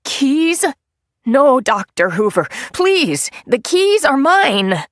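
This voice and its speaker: A woman voicing a small, middle-aged male asylum patient who talks in a high-pitched, pleading whine. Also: big pitch swings, measured pace, a bit bright, dry recording, studio quality, heavily acted. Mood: whining pleading.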